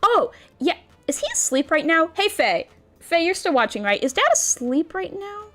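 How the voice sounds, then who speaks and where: A woman's voice: very high voice, very animated, moderate pace, fairly bright tone. A woman streamer chatting casually with her viewers in a bubbly, cutesy, rambling way. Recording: faint background music.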